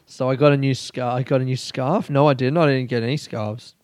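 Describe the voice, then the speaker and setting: A man's voice: medium pitch, fairly even intonation, a little fast, darkish tone, dry recording. A young man, a comedian rambling through a casual solo podcast, swearing and ranting in mock anger. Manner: rambling, sweary, mock-angry with bursts of laughter.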